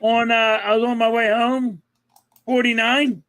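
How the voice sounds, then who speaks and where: A man's voice: very high voice, a little slow. A middle-aged man with a Philadelphia accent, co-hosting a casual podcast chat, telling stories with acted-out quotes and swearing freely. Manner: animated storyteller, acts out quotes, swears. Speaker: podcast co-host.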